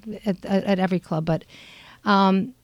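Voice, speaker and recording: An older woman comedian chatting in an interview, telling animated stories full of fillers and acted-out quotes. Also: moderate pace, no echo, dull audio. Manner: animated storyteller, acts out quotes with big pitch jumps; frequent fillers. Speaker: stand-up comedian guest. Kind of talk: casual interview chat.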